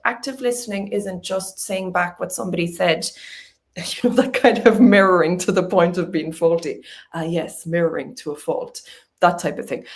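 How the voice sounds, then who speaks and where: A woman giving a conversational presentation talk, with fillers and light laughs. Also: medium pitch. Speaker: speaker.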